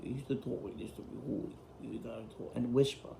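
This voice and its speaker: A man voicing an older loan shark who talks in a hushed whisper, in a roomy echo. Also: medium pitch, steady tone, fast talker, creaky, noisy background.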